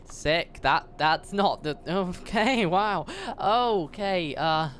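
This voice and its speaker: A man's voice: high voice, very slow, fairly bright tone, a little hiss or hum. A man streaming a video game, rambling in a jokey, casual way and talking back to the game's narrator. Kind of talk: casual livestream commentary.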